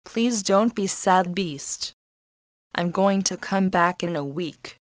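Kind gentle young heroine read by a woman, slow, dry close voice. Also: lowish voice, no echo. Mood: soothing. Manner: slow, plain, careful storybook reading.

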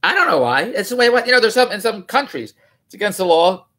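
A man's voice: sits high, sing-song, quick pace, sharp tone. A man riffing in a rambling, mocking way on a news article, often correcting himself. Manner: rambling, digressive, self-correcting; incredulous, mocking. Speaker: vlogger.

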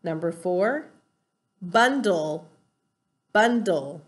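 A woman's voice: lowish voice, animated, extremely slow. A woman teacher giving a recorded spelling lesson, patiently explaining rules step by step and spelling words out letter by letter.

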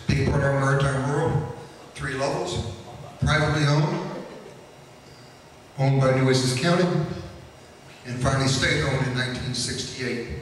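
A mid-range male voice, with a little hiss or hum on the recording, comes from far off in an echoey lecture hall. He's giving a public history lecture, spinning folksy anecdotes and using lots of fillers.

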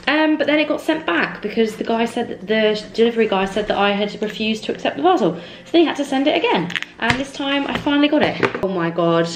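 A woman of twenty from England chatting casually to camera in her bedroom, gushing and excitable, full of "literally" and "like". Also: a little high, a little fast, hardly any pauses, background noise. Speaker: vlogger. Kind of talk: casual vlog chat. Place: small bedroom indoors with fairy lights.

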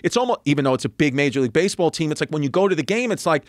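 A man in his thirties, a comedian and podcast guest, telling a story in casual chat, animated and profane, acting out other people's lines as he goes. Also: a little high, quick pace, no room sound, clean studio sound. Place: podcast studio.

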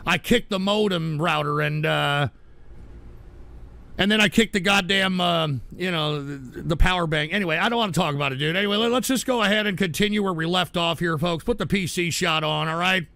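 High, gravelly, sharp-voiced ranting man. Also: fairly quick. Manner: irritable, profane ranting; swings between grumbling and loud outbursts. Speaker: livestream host. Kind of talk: live-stream commentary, reading chat.

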